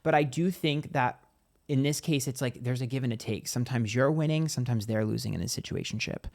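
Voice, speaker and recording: A man at an ordinary middle pitch gives a loose, chatty tarot reading straight to his viewers. He swears freely and drifts into acting out small imagined scenes. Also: a little fast, vocal fry, a little mellow. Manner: chatty and profane, acts out little scenes. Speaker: tarot reader. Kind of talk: casual tarot reading to camera.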